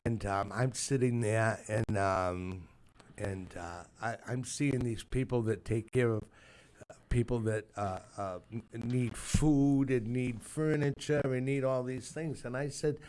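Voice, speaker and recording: An older man, a retired youth baseball coach telling halting, rambling stories as a radio guest. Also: mid-range voice, steady tone, a little mellow, smooth. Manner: rambling, halting, many restarts. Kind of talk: casual radio interview storytelling.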